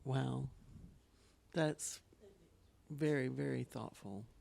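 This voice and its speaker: A woman's voice: extremely low pitch, drawn-out words, gravelly, dark tone. A woman hosting a talk show, giving short, encouraging prompts to her guest. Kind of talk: interview hosting.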